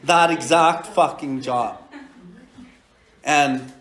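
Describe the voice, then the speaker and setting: Man, 40s, recovery podcast host; blunt, swearing, laughing storyteller; slightly high voice, echoey room. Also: extremely slow, a bit bright. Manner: blunt, profane, laughing as he tells it. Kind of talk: casual storytelling.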